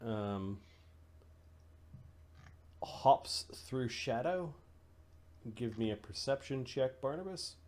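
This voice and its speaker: A man's voice: medium pitch, animated, slow pace, pauses often, a little mellow. A man running a tabletop game as game master, describing scenes in a loose, casual way. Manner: descriptive, loose, laughing narration.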